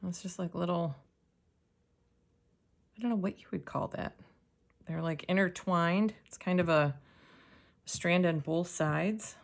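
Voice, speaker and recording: Woman, low and gravelly; relaxed soft-spoken unboxing narration with occasional whispers. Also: unhurried, long pauses. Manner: soft-spoken, drifting into whispers while examining items. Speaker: jewelry reseller.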